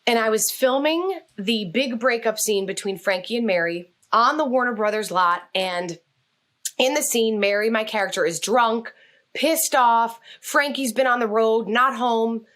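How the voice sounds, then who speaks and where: A woman telling a story as a guest on a podcast interview, speaking in an animated, expressive way. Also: on the high side, unhurried. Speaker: guest, communication coach.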